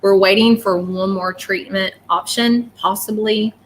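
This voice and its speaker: A woman's voice: mid-range voice, fairly even intonation, unhurried, a little hiss or hum. A woman talking casually and emotionally on a live stream, apologetic and rambling as a psychic reader.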